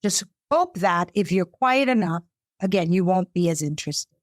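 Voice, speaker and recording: Expressive woman therapist, dry sound. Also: fairly low pitch, moderate pace, no room sound. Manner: expressive, acts out clients' voices. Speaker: psychotherapist guest. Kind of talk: interview conversation. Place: US capital region.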